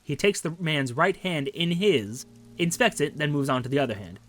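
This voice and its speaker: A man's voice: fairly high pitch, lively intonation, normal speed. A man narrating a detective game, reading the text aloud in a casual way with wry asides. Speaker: game streamer.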